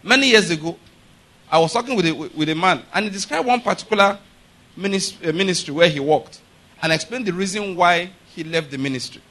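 A male pastor preaching a sermon, emphatic and repeatedly asking the congregation if they follow him, building to loud, forceful declarations. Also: sits high, fairly quick.

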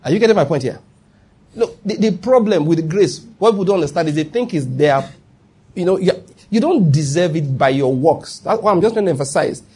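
A man with a Nigerian accent delivers a sermon in a husky voice pitched a little high. He drives points home by repeating them and asking rhetorical questions. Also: expressive, fairly quick, dark tone. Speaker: pastor.

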